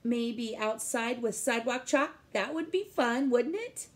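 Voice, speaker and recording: Slow sing-song preschool teacher woman. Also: fairly high pitch. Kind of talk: remote lesson for young children.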